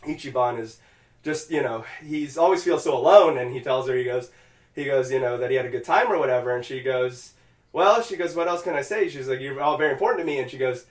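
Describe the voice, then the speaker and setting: A man's voice: mid-range voice, quick pace, roomy sound, recorded from a distance. A man co-hosting a podcast, casually retelling a game scene and acting out the characters' lines, swearing freely. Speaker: podcast co-host.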